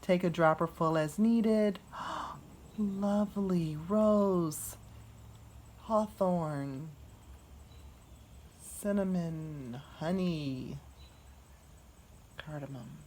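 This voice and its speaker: Slow, soft-spoken woman unboxing a gift. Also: deep voice. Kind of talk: casual unboxing narration.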